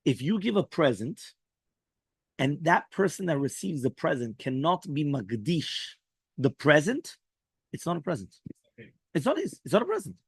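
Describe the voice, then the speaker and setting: A male rabbi giving a daily Talmud lesson, animated and acting out the characters' lines as he explains. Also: a little high, moderate pace, pauses often, breathy edge, no room sound, studio quality.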